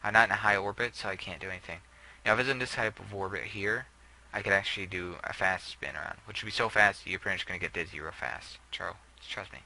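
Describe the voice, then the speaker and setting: A man's voice: deep voice, quick pace, gravelly, sharp tone, low-quality recording. A young man giving casual, rambling gameplay commentary, often trailing off and putting himself down. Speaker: gameplay video host.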